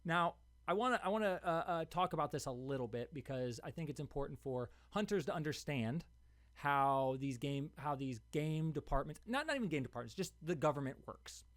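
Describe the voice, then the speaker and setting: A man's voice: on the high side, expressive, brisk, dry recording. A young man hosting a podcast, telling a story in a casual monologue, getting heated and restarting his words as he goes. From Ohio. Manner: heated, repetitive, restarts words when worked up. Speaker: podcast host.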